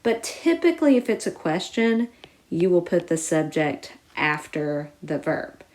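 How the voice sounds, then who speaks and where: A woman teaching a recorded lesson, explaining each step clearly and putting stress on key words. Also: fairly low pitch, sing-song, a little slow, darkish tone. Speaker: Spanish teacher.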